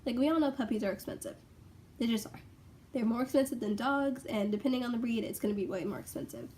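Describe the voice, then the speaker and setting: Chatty young woman rambling excitedly. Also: a little high, fast talker, slight background noise. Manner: rambling, filler-heavy, excitable. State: out of breath. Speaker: vlogger. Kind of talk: casual rambling vlog. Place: bedroom at home.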